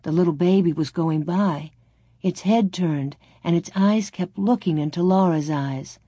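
A woman calmly reading a storybook aloud in a measured narrating voice. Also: lowish voice, husky, no echo, studio quality. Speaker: audiobook narrator.

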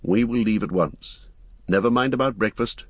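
A man voicing a grave, watchful ranger in an audiobook, speaking in a low, measured, steady way. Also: slightly rough, no echo. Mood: firm. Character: grave, watchful male ranger, calm and commanding. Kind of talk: audiobook character voice.

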